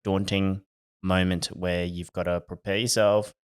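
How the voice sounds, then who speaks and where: A man's voice: low-pitched, level tone, measured pace, clean tone. A young man co-hosting a casual podcast, teasing his co-host and swearing freely.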